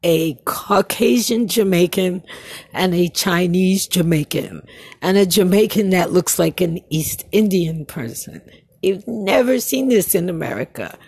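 Woman telling a lively family story, slow, husky. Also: fairly low pitch, dry recording. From Brooklyn, New York. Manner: animated storytelling, laughs often. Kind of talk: casual voice message.

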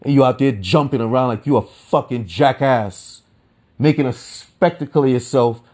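A man hosting a solo podcast, ranting with a lot of swearing and swinging between calm talk and heated outbursts. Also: medium pitch, moderate pace. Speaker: podcast host.

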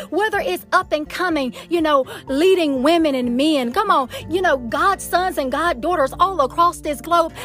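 A woman from Atlanta, Georgia, with a Southern accent hosts an inspirational prayer podcast in a high, fairly bright voice. She's emphatic and encouraging, saying "y'all" and "come on" a lot.

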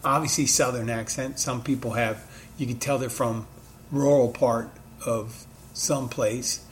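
A man's voice: mid-range voice, steady tone, a little slow, slight background noise. A man with a mid-Atlantic American accent touched by Philadelphia, talking casually and thinking aloud with frequent restarts. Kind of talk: casual monologue.

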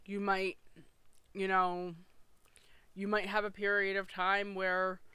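Bright, crisp-voiced woman co-host. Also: mid-range voice, monotone, takes it slowly, dry recording. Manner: earnest, with dry jokes. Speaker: podcast co-host. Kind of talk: casual chat. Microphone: podcast microphone.

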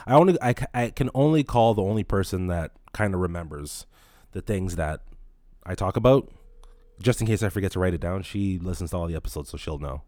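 A man's voice: low-pitched, expressive, brisk, a little mellow, no echo. A man in his late twenties, a podcast host, telling a rambling, profane story in casual talk.

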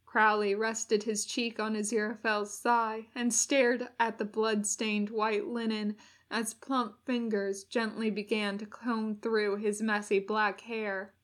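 A woman reading fan fiction aloud in a measured, unhurried way. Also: medium pitch, little pitch movement. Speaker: podfic reader.

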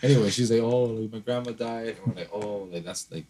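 A man's voice: on the low side, a little fast, a crowd in the background. Rambling, swearing young-sounding man. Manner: rambling storyteller, heavy swearing and fillers. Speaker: podcast co-host. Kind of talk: casual chat.

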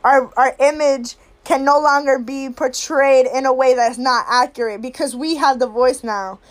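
High-voiced young woman, heated and blunt. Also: fairly even intonation, moderate pace. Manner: blunt, heated and profane, swinging between anger and weary sorrow. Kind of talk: impassioned monologue to camera.

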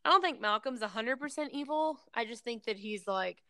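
A woman tells a film's plot in loose, casual chat, full of fillers and quick acted-out lines of dialogue. Her voice is bright and crisp with a gravelly rasp underneath. The room sounds dry and close. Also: a little high, animated, no room sound. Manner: rambling storytelling with many fillers. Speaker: person recapping a film.

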